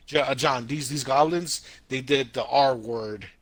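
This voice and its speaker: A man co-hosting a podcast in casual chat, telling stories in an animated way with sound effects and slang. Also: medium pitch, measured pace. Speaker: podcast co-host.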